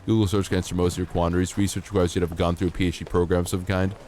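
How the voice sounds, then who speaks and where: A man's voice: low voice, level tone, racing, a little mellow, slight background noise. A man streaming a game, chatting casually and playfully with his chat, teasing and mock-outraged, laughing often. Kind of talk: casual live-stream chat while gaming.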